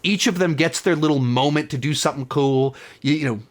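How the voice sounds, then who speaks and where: A man with a voice on the high side talks a little fast while hosting a casual spoiler review. Enthusiastic and rambling, he keeps correcting himself mid-sentence.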